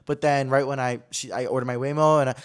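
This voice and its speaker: A man's voice: medium pitch, fairly even intonation, fast talker, smooth. A young man hosting his own podcast, telling a story in a casual, dramatic way full of "like" fillers. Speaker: podcast host.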